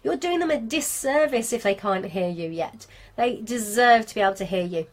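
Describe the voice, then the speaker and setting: A woman's voice: on the high side, lively intonation, normal speed. A woman with a Brummie accent teaches marketing to craft sellers in a live video class, chatty, self-deprecating and talking straight to her viewers. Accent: Birmingham English (Brummie). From England. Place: home studio with lights, indoors.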